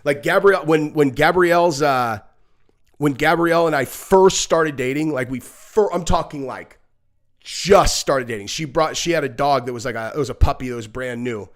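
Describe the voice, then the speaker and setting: A man with a fairly high voice hosts a casual live reaction stream. He rambles bluntly, swears freely and leans on fillers. When he acts out kids or dogs, he jumps into high, shrieking squeals. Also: normal speed. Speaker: podcast host.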